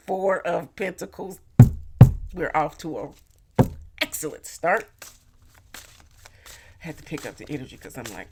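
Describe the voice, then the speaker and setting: Tarot reader, casual and blunt, mid-pitched, animated delivery with mocking asides. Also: measured pace, gravelly, long pauses, noisy background. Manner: animated, acts out quotes in mocking voices; blunt, talks straight to the viewer. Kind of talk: casual tarot reading to viewers.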